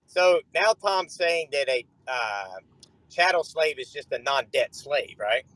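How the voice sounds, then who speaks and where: A man's voice: medium pitch, animated, slow, fairly bright tone, low-quality recording. A man calling into a debate show, defending his view hesitantly with many fillers and restarts. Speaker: caller debating the hosts. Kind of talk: heated call-in debate.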